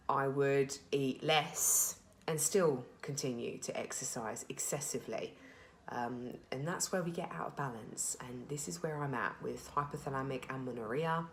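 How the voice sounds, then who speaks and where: A British woman in her thirties with a strikingly deep, low voice talks through a candid personal video diary. She rambles openly with plenty of fillers and restarts, and a slight emotional edge sits in her voice. A faint hum of background noise runs under her. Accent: British English. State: a little emotional. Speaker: vlogger sharing her recovery.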